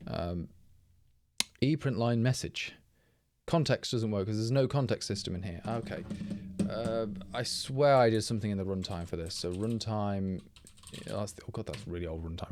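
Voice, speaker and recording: A man's voice: low-pitched, darkish tone. Tipsy man thinking aloud. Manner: rambling, thinking aloud, self-correcting. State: a little tipsy from drinking. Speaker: programmer streaming live. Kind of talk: live coding commentary.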